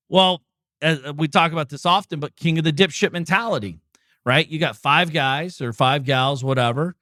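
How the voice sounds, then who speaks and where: A man's voice: a little high, a bit bright, no room sound, clean studio sound. A middle-aged man hosting a podcast, giving a casual motivational talk full of rhetorical questions and swearing. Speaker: podcast host.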